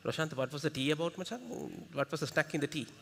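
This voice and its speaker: A lively Sri man with a fairly high voice leads an interactive workshop talk in a large, reverberant conference hall, with slight background noise present. He coaxes the audience and throws out quick rhetorical questions.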